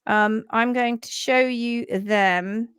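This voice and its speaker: A woman hosts a live show in relaxed, casual chat, friendly and encouraging toward her viewers. Her voice sits a little high and comes across smooth and resonant, with a dry, close sound. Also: takes it slowly, dry recording.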